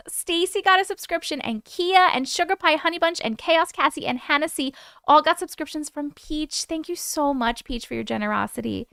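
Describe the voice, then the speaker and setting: A woman's voice: sits high, animated, fairly bright tone, dry recording, studio quality. A young woman hosting a livestream, chatting casually and giggling as she reads out viewer comments. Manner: chatty, giggly, quickly distracted. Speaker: livestream host.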